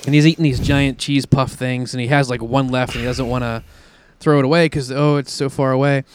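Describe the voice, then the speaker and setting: A man's voice: mid-range voice, steady tone, brisk, clean tone. A man co-hosting a casual comics show, retelling a plot in a rambling way with frequent laughs. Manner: rambling, laughs often, fillers while retelling plots. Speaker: podcast co-host reviewing comics. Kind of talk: casual chat.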